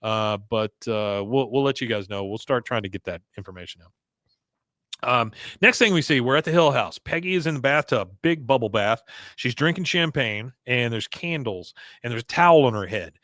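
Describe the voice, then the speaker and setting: A man hosting a podcast, casually recapping a cartoon episode with animated retelling. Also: mid-range voice, normal speed, no room sound, clean studio sound. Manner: animated retelling, chuckling asides. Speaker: podcast host.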